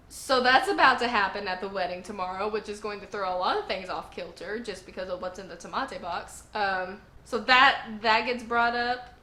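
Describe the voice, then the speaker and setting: A woman's voice: mid-range voice, pushed and bright, slight background noise. A woman recapping episodes in a casual vlog, an emotional, gushing fan who uses a lot of filler words. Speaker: anime review vlogger. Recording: echoey room.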